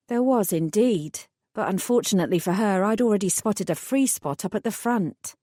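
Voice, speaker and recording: A woman reading a first-person fantasy audiobook in a wry, measured storytelling manner. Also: fairly low pitch, warm tone, dry recording, studio quality. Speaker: audiobook narrator.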